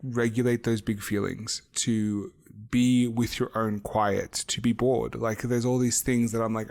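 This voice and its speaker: A man's voice: mid-range voice, little pitch movement, a little slow, gravelly, hardly any pauses, darkish tone. A man co-hosting a casual spiritual podcast, talking frankly about parenting and swearing casually. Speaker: podcast co-host.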